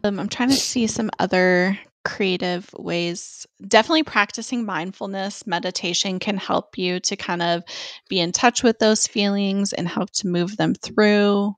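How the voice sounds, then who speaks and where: A woman co-hosting a casual podcast, telling her stories in an open, chatty way. Her voice sits at an ordinary middle pitch. The close mic gives a dry sound with no room in it. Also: steady tone, unhurried, dry recording. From Georgia, US. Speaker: podcast co-host.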